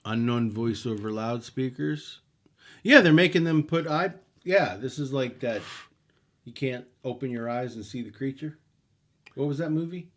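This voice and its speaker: A man co-hosting a podcast in a relaxed chat, asking questions about the file. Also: mid-range voice, moderate pace. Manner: relaxed, asks questions, reacts with laughs. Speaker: podcast co-host.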